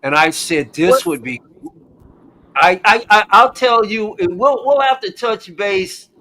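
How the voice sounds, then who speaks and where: A man's voice: sits high, lively intonation, a little slow, bright, forceful tone, poor audio. A man speaking as a first-time guest on a live stream, hesitant and stumbling over his words. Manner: hesitant, stumbling eager fan. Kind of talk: casual live-stream chat.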